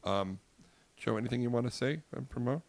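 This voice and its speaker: A man's voice: mid-range voice, fairly quick, gravelly. Easygoing male podcast host. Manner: easygoing, rambling, loose restarts. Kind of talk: casual chat.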